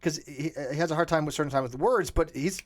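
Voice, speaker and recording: A man's voice: fairly high pitch, fast talker, slight background noise. A man hosting a casual livestream chat, rambling and swearing freely as he tells stories. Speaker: host of an online debate community stream.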